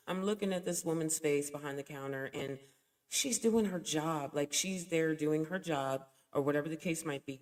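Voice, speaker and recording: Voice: mid-range voice, darkish tone. A host commenting indignantly on clips, speaking straight to viewers. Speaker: reaction video host. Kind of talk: casual commentary.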